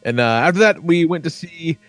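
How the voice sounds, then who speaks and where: A man on a casual podcast, talking in a loose, rambling way full of swearing and filler words. His voice sits a little above the usual male pitch. The sound is close and dry, with no room around it. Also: animated, fairly quick, fairly bright tone, no room sound. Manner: profane, rambling, lots of fillers. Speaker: podcast co-host.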